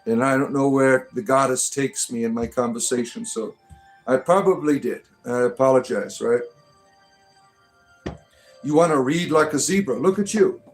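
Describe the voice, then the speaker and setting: A man's voice: mid-range voice, normal speed, long pauses, soft background music. A man hosting a live stream, reading viewers' comments aloud in a casual, rambling and joking way, with many restarts, from the United States. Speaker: livestream host reading chat comments.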